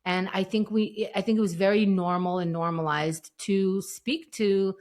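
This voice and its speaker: A woman's voice: mid-range voice, fairly even intonation, unhurried, darkish tone. A woman co-hosting a podcast, casually recapping a TV scene and acting out the lines she quotes. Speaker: podcast co-host.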